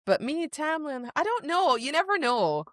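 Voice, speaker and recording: A woman's voice: high-pitched, very animated, moderate pace, no room sound, clean studio sound. A woman co-hosting a podcast, chatting about a book in a gushing, dramatic way. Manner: gushing, dramatic, quotes scenes in put-on voices. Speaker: podcast co-host. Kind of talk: casual book discussion.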